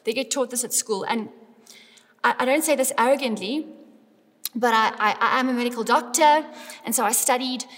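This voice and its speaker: A middle-aged woman preaching a lively sermon in a church, building up to emphatic calls to her congregation. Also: fairly high pitch, moderate pace, long pauses. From South Africa. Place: church hall. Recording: long hall reverb.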